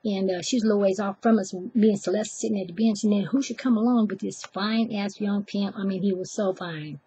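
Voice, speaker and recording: Husky woman telling a story. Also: medium pitch, brisk, dry recording. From Oakland, California. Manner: chatty, animated, acts out voices, self-deprecating asides. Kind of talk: live personal storytelling.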